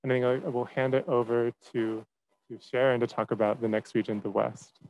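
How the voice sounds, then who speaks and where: A young man presenting to a class as a teaching fellow, relaxed, with many fillers and restarts. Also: mid-range voice, brisk, highs cut off.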